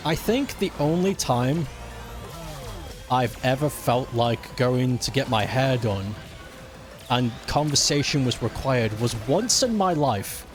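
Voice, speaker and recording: A man's voice: medium pitch, animated, slow pace, music in the background. A man ranting casually and with exasperation while he plays a racing game on stream, swearing often. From United Kingdom.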